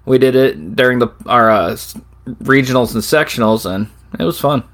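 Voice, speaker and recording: Casual middle-aged male co-host, mid-pitched, rambling with frequent laughs. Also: normal speed, fairly bright tone. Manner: laughs often, rambling storyteller. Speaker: podcast co-host. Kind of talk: casual chat.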